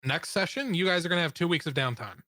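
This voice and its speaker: Bright-voiced young man running a game. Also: on the high side, dry recording. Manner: relaxed, halting, with frequent fillers. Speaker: game master. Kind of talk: casual tabletop game narration.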